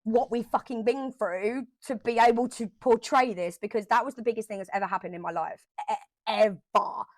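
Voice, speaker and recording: A woman vlogger telling a personal story straight to camera, emotional and animated, repeating herself for emphasis and swearing now and then. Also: on the high side, moderate pace, no room sound.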